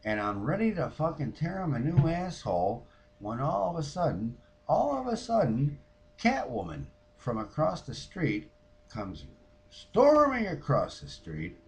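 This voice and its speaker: A man's voice: a little high, huge pitch swings, unhurried, vocal fry, slight background noise, exaggerated voice. A man playing a foul-mouthed, fed-up woman who rants about her neighbors in a comic monologue. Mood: fired up. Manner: profane, ranting, mimics others.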